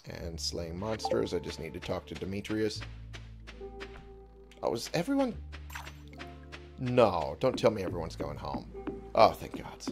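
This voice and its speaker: Low-voiced man grumbling through gameplay. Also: animated, normal speed. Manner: frustrated, swears a lot, mutters to himself. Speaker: let's play gamer. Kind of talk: casual gameplay commentary. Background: game music.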